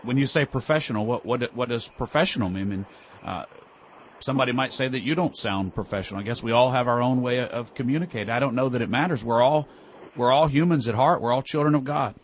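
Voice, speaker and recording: A man behind a studio microphone hosts a call-in radio show. His voice sits at an ordinary middle pitch. He lectures and needles a caller with combative sarcasm. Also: fast, a little hiss or hum. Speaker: radio talk show host.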